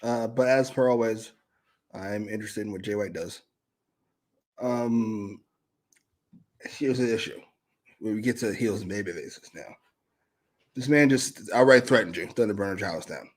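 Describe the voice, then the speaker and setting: A man co-hosting a wrestling review show, musing loosely and thinking out loud. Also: on the low side, moderate pace, long pauses. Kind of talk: casual review chat.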